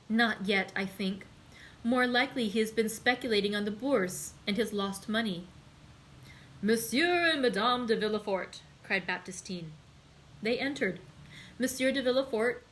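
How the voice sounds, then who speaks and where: A woman hosting a library read-aloud, reading a classic novel and lifting her voice for excited dialogue. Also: a little hiss or hum, low-quality recording. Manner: voices characters with raised pitch in excited dialogue.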